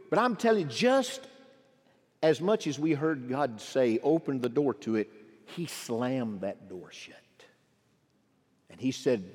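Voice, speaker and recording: A middle-aged male pastor preaching a sermon, swinging from emphatic calls to quiet, low asides. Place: large church sanctuary. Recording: long hall reverb.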